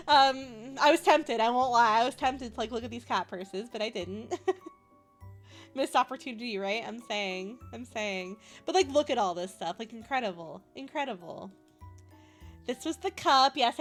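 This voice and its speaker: Woman, streamer, high-pitched, casual chat, giggly, soft music underneath. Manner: giggly, laughs often, chatty.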